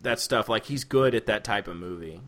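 A man talking casually about films, laughing often and breaking into loud impressions. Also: lowish voice, normal speed.

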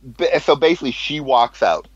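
A man's voice: mid-range voice, lively intonation, normal speed, slightly rough. A man telling a profane story in casual talk, laughing at his own jokes. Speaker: storyteller, former cinema manager. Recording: dull lo-fi sound.

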